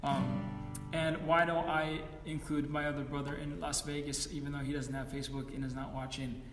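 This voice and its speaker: A man's voice: on the high side, level tone, normal speed, echoey room, long reverb tail, distant mic, over music. A man in his forties, a musician chatting between songs at an online concert, rambling and self-deprecating with many fillers. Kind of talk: casual chat between songs.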